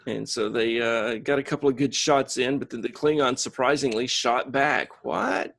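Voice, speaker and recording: A man co-hosting a podcast, recapping a show episode with crude jokes and quick voices for the characters. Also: mid-range voice, vocal fry, fairly bright tone. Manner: jokey, acts out characters in quick asides. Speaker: podcast co-host.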